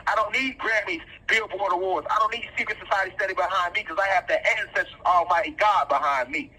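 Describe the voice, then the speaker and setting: A man's voice: high-pitched, bright, forceful tone, rough recording. A man speaking, delivering an impassioned, preachy monologue full of repeated phrases and rhetorical questions. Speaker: self-styled activist commentator.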